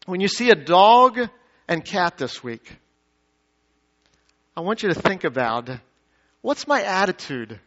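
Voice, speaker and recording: A man preaches a sermon in a church, his voice set high for a man. He throws questions out to the congregation and swings between emphatic peaks and hushed low asides. The recording sounds dull and lo-fi. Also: sing-song, slow, pauses often. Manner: dynamic preaching, rising to emphatic peaks then dropping low. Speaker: pastor. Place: church sanctuary.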